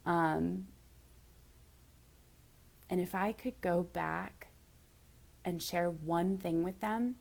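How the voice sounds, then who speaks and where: Woman coach, low-ish voice, earnest and direct, emotional motivational talk. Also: vocal fry, mellow. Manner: emotional, near tears at times. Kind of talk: motivational monologue.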